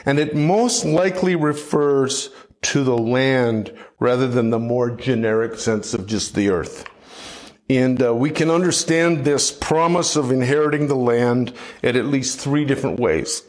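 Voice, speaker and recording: Slow, reflective middle-aged male preacher, mid-pitched, measured sermon delivery. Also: big pitch swings. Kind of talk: sermon teaching.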